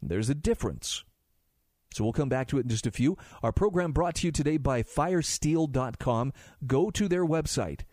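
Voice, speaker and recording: A male talk radio host, speaking in a mellow, darker tone at a middling pitch. The sound is dry and close, with little room around it. He talks conversationally, reads passages aloud and breaks in with his own asides. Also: lively intonation, normal speed, dry recording. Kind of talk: talk radio monologue and ad read.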